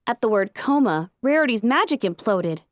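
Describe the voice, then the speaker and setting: Expressive woman reading a story aloud. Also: on the high side, normal speed, dry recording, clean studio sound. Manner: expressive narration. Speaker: audiobook reader. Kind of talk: fan fiction reading.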